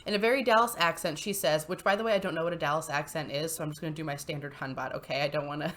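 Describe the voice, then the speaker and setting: A woman's voice: low voice, very fast, a bit bright. A woman hosting casual commentary on online posts, chatty and giggly, with lots of fillers. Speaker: channel host.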